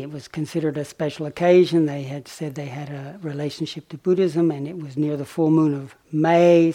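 A man's slightly high voice, with a breathy edge, carries a dharma talk through a retreat center's meditation hall. As a meditation teacher, he tells his story gently and unhurriedly, letting pauses and small fillers in.

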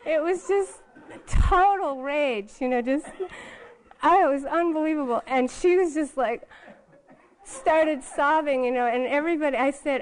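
Woman meditation teacher, casual storyteller, quick to laugh, informal talk to a retreat audience. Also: high-pitched. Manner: conversational storytelling with frequent laughter. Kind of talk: dharma talk. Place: retreat hall.

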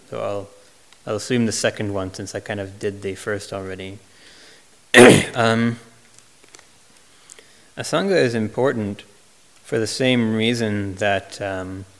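A man who is a Buddhist monk, answering retreat questions in a gentle, reflective way, with frequent pauses and restarts. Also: on the low side, creaky. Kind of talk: retreat Q&A talk.

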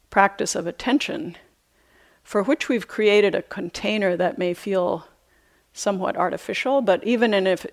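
A middle-aged woman, a meditation teacher, giving a reflective dharma talk on retreat with unhurried, soft hesitations. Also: mid-range voice, creaky. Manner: light self-amused laughter. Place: retreat center meditation hall.

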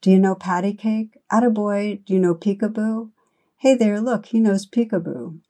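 A woman's voice: on the low side, steady tone, a little slow. A woman voicing a cheerful ragged old man who calls out gleefully to a baby. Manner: calling out loudly and gleefully.

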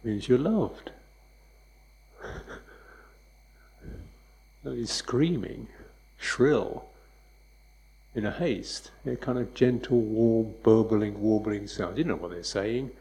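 A man giving a dharma talk as a meditation teacher, speaking softly and unhurriedly, with reflective repetitions. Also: on the low side, slow, long pauses, rough recording.

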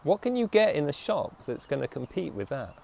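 A man giving a reflective dharma talk as a meditation teacher, slowing to stress key phrases and often checking in with the listeners. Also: on the high side, very animated, gravelly, a little mellow, a little hiss or hum.

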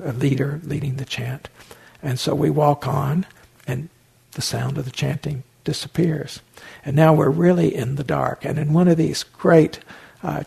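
A man's voice: on the high side, creaky, a little mellow, slightly rough. An older man and meditation teacher telling a story in a dharma talk, wry and anecdotal, with many fillers and restarts.

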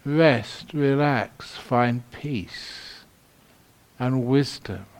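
Man from London, Buddhist teacher; unhurried, mid-pitched, playful storyteller. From London, England. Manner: humorous storytelling, laughs at his own jokes. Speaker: Buddhist monk, meditation teacher. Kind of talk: dharma talk at a meditation retreat.

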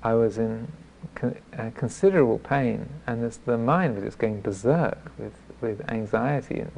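Gravelly-voiced monk giving a dharma talk. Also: male voice, mid-range voice, darkish tone. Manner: self-deprecating storytelling; halting, with frequent restarts. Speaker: Buddhist monk teacher.

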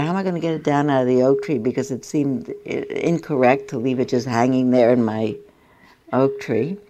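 An older woman giving a dharma talk as a meditation teacher, telling stories in a gentle, reflective way. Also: very deep voice, vocal fry. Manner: gentle, reflective storytelling with soft laughs.

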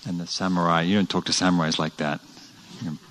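Low-voiced man giving a dharma talk. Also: quick pace, poor audio. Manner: animated storytelling, with restarts. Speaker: meditation teacher. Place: meditation center hall.

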